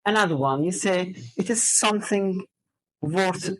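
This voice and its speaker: A woman's voice: fairly low pitch, measured pace, rough recording. A woman teacher trainer running a classroom lesson, drilling students with questions and counting out word stress. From Azerbaijan.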